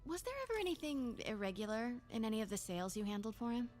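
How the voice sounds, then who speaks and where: A curious young reporter. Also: female voice, on the high side, sing-song, fast, soft background music. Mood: probing. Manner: soft, often whispered asides. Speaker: game character. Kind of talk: video game voice acting.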